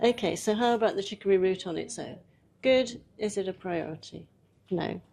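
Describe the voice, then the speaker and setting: A woman's voice: medium pitch, normal speed, gravelly, mellow. A woman leads a live workshop demonstration in a chatty, easygoing way. She talks a volunteer through each step and laughs often as she goes. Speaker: workshop presenter.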